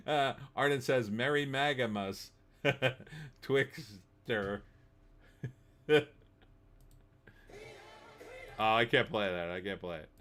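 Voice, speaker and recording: A man's voice: medium pitch, slow, long pauses, a bit bright. A middle-aged man hosting a live stream, reading chat messages and mocking them in sarcastic, laughing commentary. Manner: sarcastic, laughs often, mocking put-on voices. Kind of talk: casual commentary.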